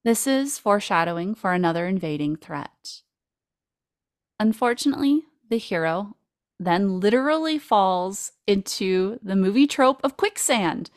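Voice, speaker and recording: Woman host, casual film recap, playful and jokey, animated pitch, dry sound. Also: measured pace, no room sound. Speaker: podcast host.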